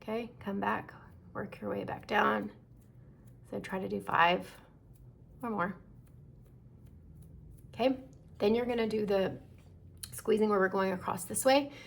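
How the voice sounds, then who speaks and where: A middle-aged woman, an esthetician, calmly walking viewers through a skincare demonstration and checking in often. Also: medium pitch, a little slow, creaky, long pauses, husky. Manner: calm instructive, checks in with "okay?".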